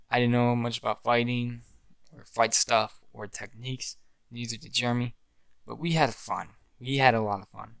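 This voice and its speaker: A man's voice: mid-range voice, clear, resonant tone, dry recording. A young man telling the story of an amateur fan film he made, in a rambling way with frequent restarts. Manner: rambling, restarts often, acts out his own film lines. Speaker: amateur filmmaker. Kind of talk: casual storytelling.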